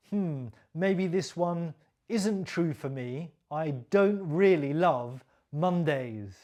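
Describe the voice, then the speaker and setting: A woman teaching English pronunciation, modelling sounds and sentences slowly and clearly for learners to repeat, with encouraging praise. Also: low-pitched, expressive, mellow. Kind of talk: slow, clearly articulated pronunciation lesson.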